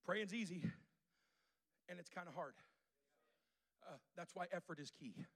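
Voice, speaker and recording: A man's voice: sits high, a little slow, a bit bright. A male pastor preaching a sermon to a congregation in a church, using repetition and call-and-response.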